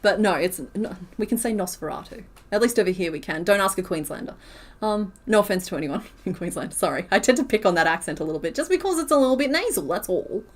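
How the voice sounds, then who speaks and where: A woman's voice: on the low side, lively intonation, quick pace. Australian woman, rural accent, giggly and chatty, crochet streamer, frequent laughter. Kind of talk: casual livestream chat while crocheting.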